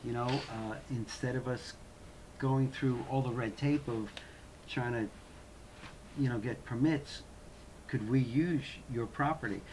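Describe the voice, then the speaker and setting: A man's voice: mid-range voice, unhurried, long pauses, darkish tone, slight background noise. Easygoing man, guest on a talk show. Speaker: guest, actor and acting teacher. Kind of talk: casual interview.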